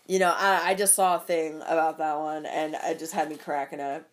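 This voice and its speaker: A woman's voice: sits low, little pitch movement, fairly quick. A young adult woman ranting casually about politics and work, swearing often and rambling with lots of fillers.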